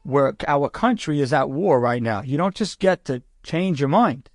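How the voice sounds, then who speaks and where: A man voicing a humble male rabbi chaplain who speaks quietly and plainly. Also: on the high side, expressive, normal speed, no echo, studio quality, voice pushed down.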